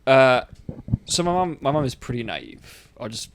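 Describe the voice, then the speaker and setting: A man's voice: mid-range voice, very animated, moderate pace, noisy background. A man chatting casually on a podcast in a laid-back, drawling way. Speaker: podcast co-host. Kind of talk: casual chat.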